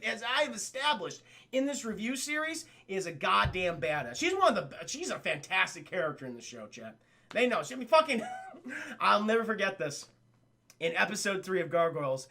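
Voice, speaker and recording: A young man giving a casual, profane review of a cartoon episode, talking excitedly to his stream chat. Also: high-pitched, gravelly.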